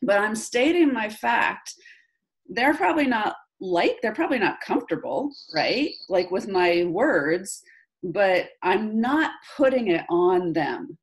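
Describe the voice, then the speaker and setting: A woman's voice: medium pitch, slow. A woman in her forties leading a group coaching call, talking animatedly and often checking in with the listener. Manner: animated, keeps checking in with "right?". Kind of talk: casual coaching chat. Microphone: video call.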